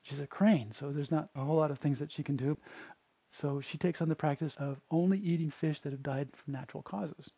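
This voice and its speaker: A man's voice: fairly high pitch, fairly even intonation, a little fast, gravelly, warm tone, breathy edge, no echo. A man, a Buddhist monk, retelling a story in a casual, chatty way with fillers, on a dull, dry lo-fi recording. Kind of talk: storytelling dharma talk.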